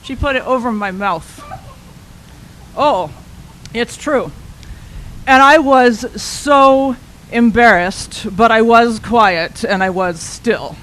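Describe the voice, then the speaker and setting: A woman, an intern minister, telling a personal story as a sermon in an animated, conversational way. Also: fairly high pitch, slow pace, pauses often, low-quality recording.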